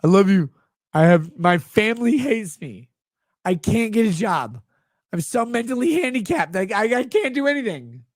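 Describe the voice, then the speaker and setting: A drunk, slurring man voicing a whiny, pleading, self-pitying grown man in a high squealing whine. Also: very animated, normal speed, dry recording, clean studio sound.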